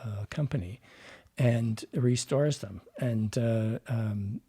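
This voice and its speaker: A man's voice: mid-range voice, takes it slowly, dark tone, breathy edge. A man, a dialect coach and podcast guest, explaining at length like a teacher and acting out the sounds he describes. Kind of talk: explanatory interview talk.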